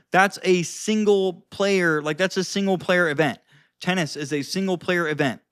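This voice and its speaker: A man coaching on social skills in a casual advice vlog, animated and profane, acting out different tones of voice. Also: sits high, no echo, clean studio sound.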